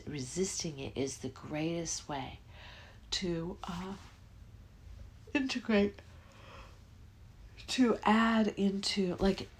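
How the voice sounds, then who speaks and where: Middle-aged woman, podcast host, low voice, rambling spiritual talk, faint room hiss. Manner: rambling, self-interrupting, yawning often. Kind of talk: casual spiritual podcast monologue.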